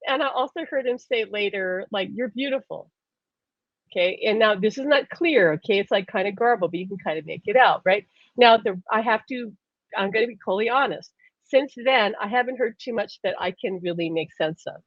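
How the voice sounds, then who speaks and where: A woman hosting a live stream, telling stories in a lively, casual way and laughing often. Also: medium pitch, brisk, no room sound. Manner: animated storyteller, laughs often. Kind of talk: casual chat. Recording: dull lo-fi stream audio.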